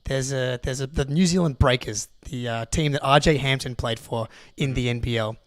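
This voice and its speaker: A young Australian man, co-host of a podcast, telling a long story in an excitable, rambling way with lots of restarts. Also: mid-range voice, normal speed, no room sound. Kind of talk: casual storytelling.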